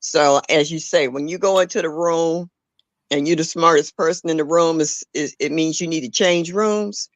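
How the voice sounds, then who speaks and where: A woman's voice: low voice, normal speed, no echo. An older woman, a grandmother, telling an earnest story in a casual live audio chat, restarting her sentences now and then. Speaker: caller in a live audio discussion.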